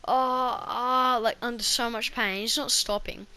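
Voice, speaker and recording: A woman's voice: a little high, fairly even intonation, measured pace, pushed and bright, clean tone. A woman vlogger telling a personal story in a casual, rambling way, full of restarts and fillers.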